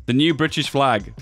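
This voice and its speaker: Chatty man with a lively, bouncing voice. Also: fairly high pitch. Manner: chatty, asks viewers rhetorical questions, laughs at own jokes. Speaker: video host. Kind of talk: casual commentary while editing images.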